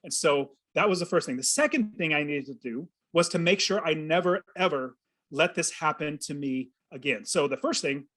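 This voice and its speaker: A man's voice: on the high side, normal speed. Earnest man telling a story. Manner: earnest, animated storyteller acting out his own thoughts. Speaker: podcast guest, real estate investor. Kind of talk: storytelling in an interview.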